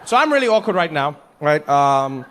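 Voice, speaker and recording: A male comedian from Africa delivering stand-up, with a high-pitched voice that swings into character voices. The story rolls on in an animated way. A long reverb and a faint hum sit behind him. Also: normal speed.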